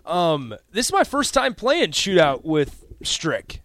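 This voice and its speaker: A man on a sports radio show who talks with a lively, swinging pitch. He trips over his words and laughs easily, and his voice sounds close and dry at the studio mic. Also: slow pace, dry recording. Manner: stammering, self-deprecating, laughs easily. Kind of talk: casual sports radio chat, playing a trivia game. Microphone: studio microphone.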